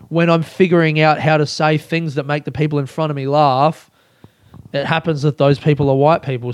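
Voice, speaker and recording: A man's voice: fairly high pitch, no room sound. Aussie comedian guy rambling on his podcast, swears constantly, flares up into rants, close dry mic. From Australia. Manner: rambling, swears a lot, bursts into loud ranting. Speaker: stand-up comedian. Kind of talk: casual podcast monologue.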